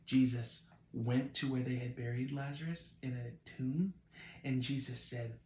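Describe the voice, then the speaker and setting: A man's voice: mid-range voice, fairly even intonation, moderate pace, darkish tone, roomy sound, poor audio. A man in a casual home video, telling a Bible story to a small child from her bed in an encouraging, playful way. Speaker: parent hosting a home video with his child.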